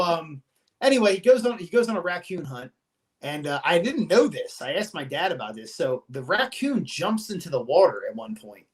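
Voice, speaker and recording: A man hosting a podcast, retelling an episode in casual chat with an animated, profane, storytelling manner. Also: on the high side. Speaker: podcast host.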